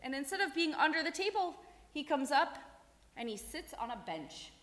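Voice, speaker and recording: A woman telling a story to a group of children, animated and asking them questions along the way, in a synagogue sanctuary. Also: high-pitched, normal speed. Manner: animated, asks the kids questions. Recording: echoey hall.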